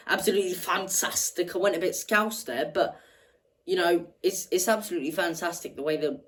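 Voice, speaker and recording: Low-voiced woman, passionate football rant. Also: low-quality recording. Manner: passionate, ranting, repeats words for emphasis. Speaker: football fan channel host. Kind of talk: fan match reaction monologue.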